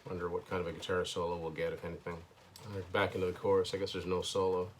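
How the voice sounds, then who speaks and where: A man's voice: sits low, completely flat delivery, fast talker, slight background noise. A man hosting his own show, casually thinking aloud through a first listen of an album, hesitant and with dry asides, at home indoors. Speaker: host.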